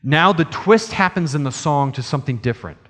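A man preaching a sermon in an earnest way, slowing and rising in emphasis on key phrases. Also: a little high, animated, fairly bright tone. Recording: long hall reverb.

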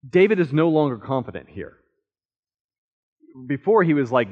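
A man's voice: fairly high pitch, big pitch swings, a little fast, darkish tone. Earnest male Bible teacher, muffled recording. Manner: earnest, emphatic, voices the psalmist's pleas in first person. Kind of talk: sermon-style Bible teaching.

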